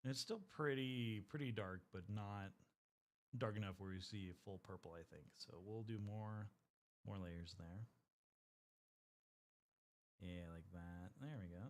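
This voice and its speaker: A man's voice: on the low side, measured pace, pauses often. Casual, swearing man chatting on stream. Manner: swears a lot, rambling and chatty. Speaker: streamer painting miniatures. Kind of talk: casual live-stream chat.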